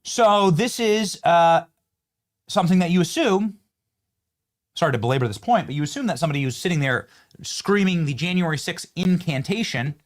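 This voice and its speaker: A man's voice: on the high side, animated, normal speed. A male host giving impassioned, emphatic commentary over video clips, moralizing as he goes.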